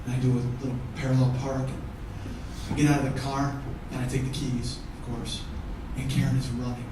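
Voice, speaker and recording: A man's voice: mid-range voice, flat delivery, normal speed. A man performing a one-man comedy show, telling a story with intense, profane delivery. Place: theatre stage. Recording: roomy distant theatre recording, audible noise.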